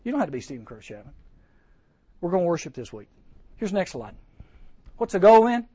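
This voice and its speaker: Fast, high-voiced preacher man. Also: slightly rough, no room sound. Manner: animated, acts out quoted voices. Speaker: camp preacher. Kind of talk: storytelling sermon to teens. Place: indoor camp chapel.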